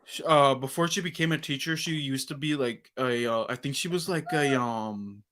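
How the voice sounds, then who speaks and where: A man's voice: mid-range voice, moderate pace, fairly bright tone. A young man hosting a casual sports podcast, rambling with many restarts and fillers. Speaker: podcast host.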